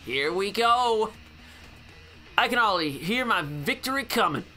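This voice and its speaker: A man voicing an eager, boastful teenage boy rival from a game, upbeat and quick. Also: high-pitched, lively intonation, bright, forceful tone, faint music behind, voice pushed up, exaggerated voice.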